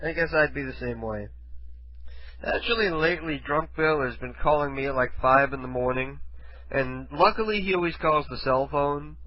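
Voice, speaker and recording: A man's voice: mid-range voice, lo-fi sound. A man hosting a radio show, chatting casually between prank calls in a rambling, crude, laughing way. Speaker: radio host.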